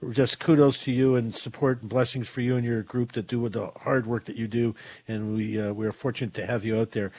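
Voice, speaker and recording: Male radio host, husky and stuffed up, earnest rambling delivery, dry close mic. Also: mid-range voice, a little mellow, no echo. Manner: earnest, rambling with many fillers. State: stuffed up, getting over covid. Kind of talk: call-in radio talk. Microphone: studio microphone.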